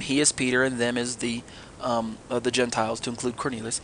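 A man's voice: mid-range voice, steady tone, fairly quick, a little hiss or hum. A middle-aged man teaching a sermon on scripture, earnest and fond of rhetorical questions and sarcastic asides. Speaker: Bible teacher.

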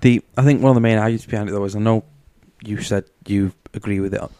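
A man co-hosting a podcast, mostly agreeing briefly and offering measured counterpoints. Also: lowish voice, steady tone, warm tone, dry recording. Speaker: podcast co-host. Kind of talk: casual podcast chat.

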